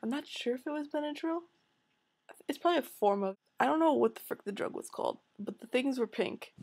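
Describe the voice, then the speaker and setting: Husky-voiced teen girl vlogging. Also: high-pitched, lively intonation, brisk, a little mellow. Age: late teens. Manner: rambling, swearing, self-mocking. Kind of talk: casual chat to camera.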